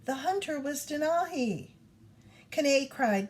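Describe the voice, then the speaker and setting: Woman, storybook read-aloud, lively swooping intonation, mid pitch. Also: slow pace. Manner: expressive, animated storytelling. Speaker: reader.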